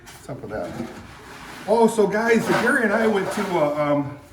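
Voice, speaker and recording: A man's voice: sits high, big pitch swings, normal speed, reverberant, noisy background. An older man from Michigan chatting casually for his vlog in a horse barn, rambling and self-deprecating, with lots of fillers. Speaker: vlogger. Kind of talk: casual chat.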